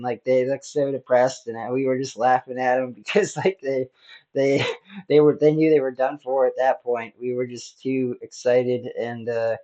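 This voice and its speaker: A man's voice: medium pitch, darkish tone. Rambling man on a dull podcast recording. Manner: rambling, filler-heavy, laughing. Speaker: podcast host. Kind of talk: casual storytelling.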